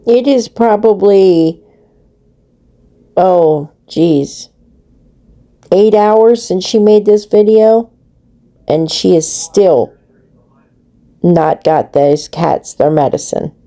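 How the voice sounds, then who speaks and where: A woman's voice: mid-range voice, drawn-out words, long pauses, mellow. A woman hosting a commentary channel, talking with scorn and disapproval about a clip.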